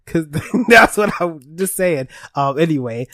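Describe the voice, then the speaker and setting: A tipsy young man co-hosting a podcast, excitable and swearing a lot, laughing often. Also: on the high side, slow pace, no echo, clean studio sound. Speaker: podcast co-host. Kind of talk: casual chat.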